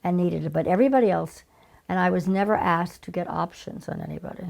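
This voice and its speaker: Brief: older woman in her 70s, deep gravelly voice, lively anecdotes with hushed asides. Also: quick pace. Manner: lively, dropping into breathy whispered asides. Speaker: casting director. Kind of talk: anecdotal interview storytelling.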